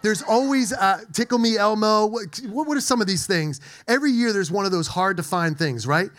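A man's voice: high voice, brisk. A middle-aged male pastor giving a playful sermon and drawing answers from his congregation in a church. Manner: animated, playful, engages the congregation.

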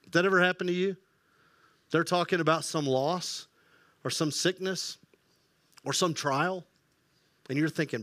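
Male pastor, bright tone, conversational sermon delivery, high voice. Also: unhurried, pauses often, no echo. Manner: conversational, asks the audience questions.

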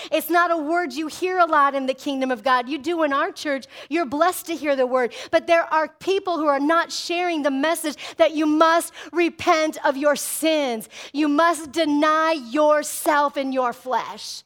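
A middle-aged woman preaches from the pulpit in a high, ringing voice. Her delivery is fervent and driving, punctuated by calls for an amen from the congregation. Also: fairly bright tone. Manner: fervent preaching with call-and-response amens. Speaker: pastor. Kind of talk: sermon.

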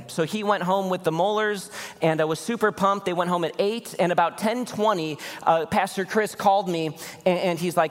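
A male pastor giving a sermon in a church, animated and conversational, often asking the congregation questions. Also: sits high, fairly quick. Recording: long hall reverb.

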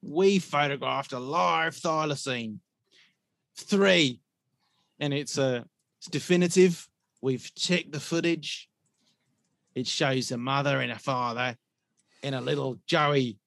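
A man voicing a boastful cryptid hunter who brags about his footage, delivered in a mock-excited, emphatic way. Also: mid-range voice, slow, creaky, pauses often, no echo, voice pushed up. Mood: mock triumphant.

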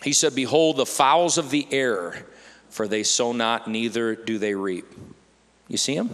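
A man's voice: mid-range voice, very animated, normal speed, fairly bright tone, long reverb tail. A man preaching a sermon, quoting scripture and acting out worried people and chirping birds. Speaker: pastor.

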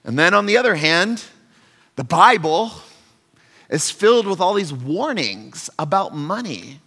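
A man preaching a sermon as pastor, conversational and earnest, swinging from loud emphasis to quiet asides. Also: high voice, sing-song, unhurried, breathy edge. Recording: long hall reverb.

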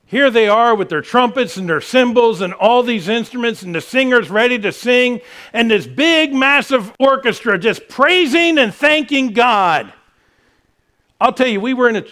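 A man's voice: extremely high pitch, expressive, moderate pace, a bit bright. A middle-aged man preaching a sermon as pastor, mixing self-mocking jokes with praise.

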